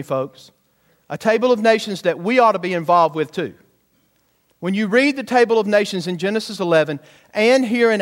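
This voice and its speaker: A man preaching. His voice sits high for a man. He is emphatic and keeps throwing questions back to the congregation. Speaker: pastor. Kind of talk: sermon.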